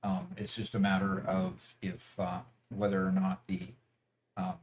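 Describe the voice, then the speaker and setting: A man's voice: low voice, monotone, a little slow, a little mellow, a little hiss or hum. A man hosting a casual gaming livestream, talking with a hesitant, filler-heavy manner. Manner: hesitant, lots of fillers and restarts. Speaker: host of a gaming channel.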